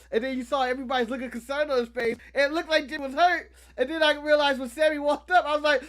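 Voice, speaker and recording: An American man co-hosting a casual podcast, retelling events excitedly, laughing and shouting out quotes. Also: extremely high pitch, quick pace, few pauses. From United States. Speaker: co-host.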